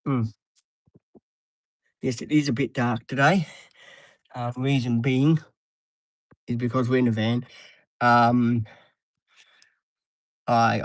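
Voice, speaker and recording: A man's voice: medium pitch, dry recording, low-quality recording. Aussie guy in his 30s rambling on a live stream, lots of ums, dry close sound. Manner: rambling, repetitive, frequent ums and restarts. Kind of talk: casual live stream chat. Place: inside a parked van, dim light.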